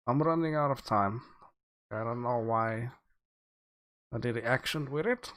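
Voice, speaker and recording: A man talks through artwork on a livestream in a loose, unhurried way, stopping on "uh" and "um" as he thinks. His voice sits at a middle pitch for a man, and he reads out viewer comments between his own remarks. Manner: relaxed, filler-heavy, thinking aloud while reviewing. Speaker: livestream host giving art feedback.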